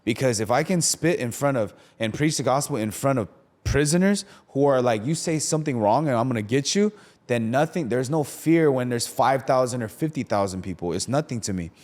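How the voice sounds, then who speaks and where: A man's voice: medium pitch, brisk. A young man hosting a podcast, talking about faith in a casual, slangy way and often checking in with "right?". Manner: slangy, animated storytelling with lots of "right?". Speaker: podcast host.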